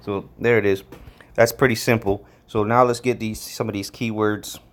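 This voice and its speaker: A man's voice: fairly low pitch, normal speed. A man giving a casual, rambling Bible study commentary, repeating himself, often checking in with "all right?", and growing emphatic as he reads out word definitions. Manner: grows emphatic and excited while reading out definitions. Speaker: religious video commentator.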